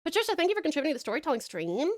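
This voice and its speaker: A high-voiced Australian woman chatting casually on her live stream. Her pitch swings widely and she greets viewers warmly by name with pet names, swearing freely along the way. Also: very animated, racing. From Tasmania, Australia.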